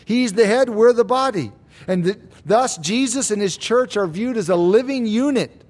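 Male pastor, high voice, emphatic sermon delivery, rhetorical questions. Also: expressive, a little mellow. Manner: emphatic, slows down and rises on key claims; asks the congregation rhetorical questions. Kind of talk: expository sermon.

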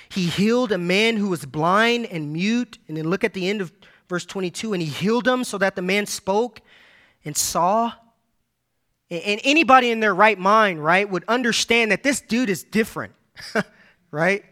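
Male preacher, emphatic sermon delivery, high-pitched and bright-toned. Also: moderate pace. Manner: emphatic, repeats key phrases for stress; addresses congregation directly, reads scripture aloud.

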